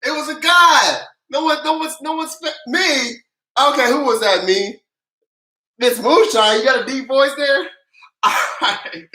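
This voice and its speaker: A lively livestream host who runs a tax news recap with playful hype, slang and countdowns, calling out viewers by name. The voice is bright and cutting. It sounds roomy and echoey. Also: high voice, a little slow. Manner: energetic and playful, with casual slang, chanting and countdowns.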